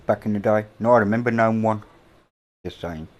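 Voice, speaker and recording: Rambling middle-aged English man, lowish voice. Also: brisk, darkish tone, highs cut off. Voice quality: rambling, offhand, swears casually. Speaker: livestream host. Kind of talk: casual livestream chat. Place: indoors at a home. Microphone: boom-mounted microphone.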